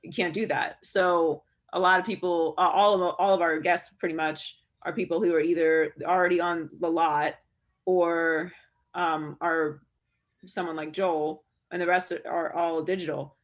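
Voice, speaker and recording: Over a video call, a woman sports broadcaster answers students' questions candidly, sounding relaxed and using lots of fillers. Her voice sits on the low side, and she talks a little slowly.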